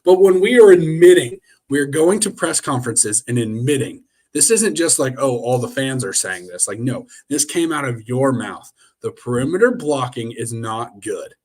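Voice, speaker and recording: A young man hosting a sports live stream, ranting and rambling with lots of fillers and restarts, talking straight into his camera. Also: mid-range voice. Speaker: sports show host. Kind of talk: casual live stream chat. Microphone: webcam.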